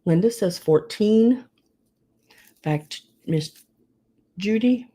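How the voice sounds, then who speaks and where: A woman's voice: mid-range voice, lively intonation, takes it slowly, dark tone. A woman running a live online sale, chatting casually and calling to bidders by name. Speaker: live auction seller.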